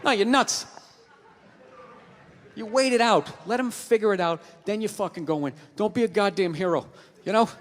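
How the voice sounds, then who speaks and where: Ranting high-pitched male stand-up comic. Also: moderate pace, long pauses. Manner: ranting, profane, loud and emphatic. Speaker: stand-up comedian. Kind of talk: stand-up routine. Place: comedy stage before a live audience. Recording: live stage recording, long reverb, audience noise.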